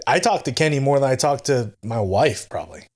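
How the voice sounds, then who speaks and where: A man's voice: medium pitch, expressive, a little fast. A man co-hosting a podcast in joking, laughing banter full of slang. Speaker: podcast co-host. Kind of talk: casual podcast chat.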